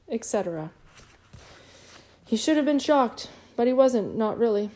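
Mellow-voiced woman narrating an audiobook. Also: on the high side, normal speed, long pauses. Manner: lively and expressive, with occasional stumbles.

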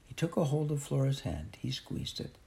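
A man narrating a children's novel aloud in an expressive, unhurried way. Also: mid-range voice, creaky. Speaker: audiobook narrator. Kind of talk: storybook narration.

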